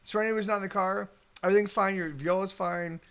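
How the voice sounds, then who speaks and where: A man with a Texan accent, a musician, talks casually on a live stream, wandering off track with frequent swearing, restarts, and fillers. He speaks fast in a high, smooth, slightly bright voice with fairly even intonation.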